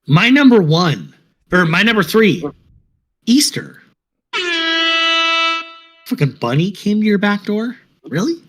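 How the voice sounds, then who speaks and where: A man joking his way through a casual podcast chat, crude and swearing often. His pitch swings wildly from low to high, and his voice sits a little high for a man. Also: sing-song, slow pace, pauses often, over music. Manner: crude jokester, swears, laughs at his own jokes. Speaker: podcast co-host.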